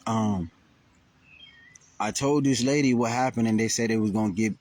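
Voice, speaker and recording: This vlogger near Burlington, Vermont has a man's voice on the low side and talks at a moderate pace. His story to camera is casual, rambling and profane, told with animation and lots of fillers and restarts.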